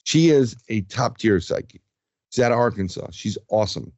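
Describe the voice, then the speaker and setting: A man telling an animated ghost story, lo-fi. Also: lowish voice, moderate pace, no room sound. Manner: animated storyteller, acts out quotes. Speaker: paranormal investigator guest. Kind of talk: casual storytelling interview.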